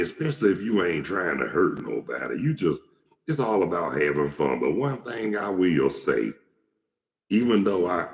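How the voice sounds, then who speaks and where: A very deep-voiced, gravelly middle-aged man spins loose, profane anecdotes in a casual host monologue. His pitch rises and falls widely as he goes. He is recorded in an echoey room with a long, lingering reverb. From Atlanta, Georgia. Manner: rambling, blunt, profane anecdotes. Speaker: show host.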